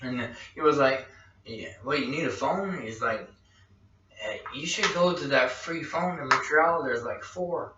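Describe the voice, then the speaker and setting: A man's voice: medium pitch, measured pace, heavy background noise. Rambling storyteller man in an echoey room. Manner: rambling anecdote with quoted dialogue and restarts. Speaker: podcast host. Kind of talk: casual storytelling chat. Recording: echoey room, distant lo-fi mic.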